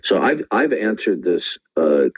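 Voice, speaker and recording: A man hosting a live online call-in debate, talking forcefully, often interrupting and tagging lines with "okay?". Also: sits low, sing-song, measured pace, muffled recording. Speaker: debate room host.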